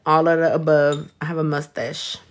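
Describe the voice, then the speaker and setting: A woman's voice: low voice, little pitch movement, normal speed. Bilingual nail tech woman, playful. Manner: bilingual code-switching, crude and playful, frequent loud laughs. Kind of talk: casual livestream chat while doing nails.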